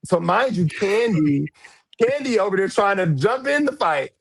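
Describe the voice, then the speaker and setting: A man telling a story as a podcast guest, frank and animated, with cursing and sudden high jumps in pitch when he quotes people. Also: moderate pace, vocal fry, slightly rough. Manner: frank, swears freely. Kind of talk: storytelling in a casual interview.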